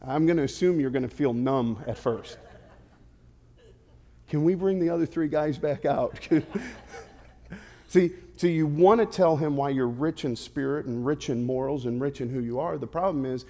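A male pastor preaching a sermon in a lively way, asking the congregation direct questions and adding playful asides. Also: medium pitch, normal speed. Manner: animated, asks the audience direct questions.

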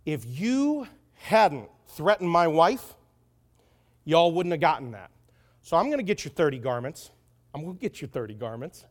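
A boastful, dim-witted strongman with a low, lazy drawl and a blunt, proud way of talking, as a preacher puts him on. He sounds lower than the man's own bright voice. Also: big pitch swings, normal speed. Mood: sulky.

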